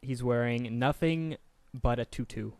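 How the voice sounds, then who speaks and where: A man's voice: medium pitch, a little slow, darkish tone, no room sound. A man co-hosting a podcast, telling improv scenes in a teasing, playful way. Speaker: podcast co-host. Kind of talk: improv game storytelling.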